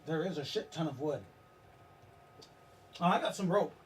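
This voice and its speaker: A man's voice: on the high side, animated, distant mic, slight background noise. Rambling man running a tabletop game. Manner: rambling, halting, laughs at own jokes. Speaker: game master.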